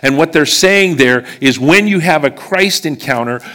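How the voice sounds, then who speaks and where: A man's voice: on the high side, expressive, moderate pace, bright, forceful tone. A middle-aged man from western Pennsylvania preaching a sermon, telling a personal story in a chatty way and checking in with the congregation as he goes.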